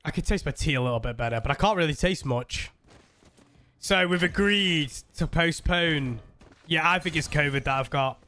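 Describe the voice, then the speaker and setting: Male game streamer: high, bright voice, chatty and rambling with viewers. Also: normal speed. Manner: rambling, laughing storyteller talking to chat. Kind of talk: casual live-stream chat.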